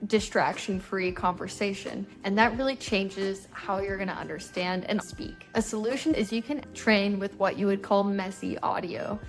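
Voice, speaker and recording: A young adult woman, a native English speaker, teaching an English lesson to learners in an upbeat, encouraging way. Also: medium pitch. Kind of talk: YouTube language lesson.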